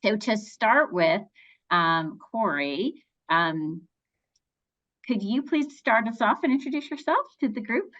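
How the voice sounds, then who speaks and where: A woman's voice: a little high, expressive, slow pace, a bit bright, muffled recording. A woman moderating a panel webinar, chatty and upbeat with many fillers.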